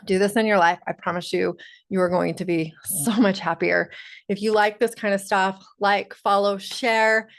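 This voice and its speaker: A woman's voice: medium pitch, steady tone, moderate pace. A woman empowerment coach talking straight to her viewers in a motivational video, earnest and encouraging.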